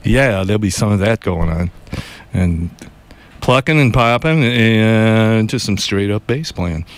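A man hosting a community radio show in a studio, talking in a relaxed, chatty and joking way. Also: lowish voice, unhurried, a little hiss or hum. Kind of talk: casual live radio talk. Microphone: studio mic with headphones.

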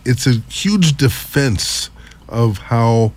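A man interviewing a guest in a casual talk, speaking in a hesitant, measured way. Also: medium pitch, expressive, a little mellow.

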